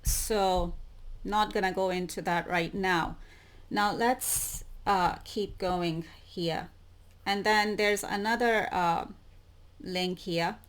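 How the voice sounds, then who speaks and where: A woman's voice: mid-range voice, steady tone, slow. A woman hosting her own channel, reading web articles aloud and commenting on them, repeating words she wants to stress. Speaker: YouTube channel host.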